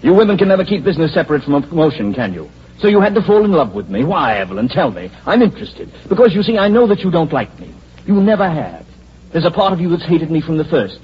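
An actor playing a smooth, scheming male company president who mocks those around him, in 1940s radio acting on a dull lo-fi old radio recording. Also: fairly high pitch, sing-song, fast talker, full character voice. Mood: mocking. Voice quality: suave, sneering, condescending. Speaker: corporate president.

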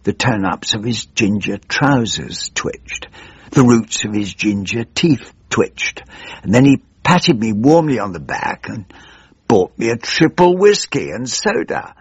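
A jaded old backbench politician. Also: male voice, on the low side, animated, a little slow, breathy edge, no room sound. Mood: weary grumbling. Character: jaded old male member of parliament, pompous and weary. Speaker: weary elderly backbench politician narrating his woes. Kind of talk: radio comedy monologue. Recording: muffled dry radio recording.

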